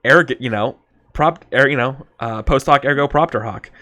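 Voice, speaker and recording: A man's voice: medium pitch, moderate pace, bright, forceful tone. Man, game master, chatty, rambling, fillers, tabletop role-play.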